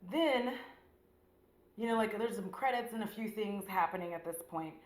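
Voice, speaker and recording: A mid-range female voice at normal speed, with reverb from the home room she's in. The vlogger is putting on makeup and chattily summarizing a movie, cursing, joking and playing out scenes.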